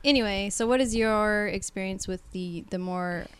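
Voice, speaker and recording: A woman hosting a casual podcast, playful and chatty, with quick asides. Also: medium pitch, clear, resonant tone. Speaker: podcast host.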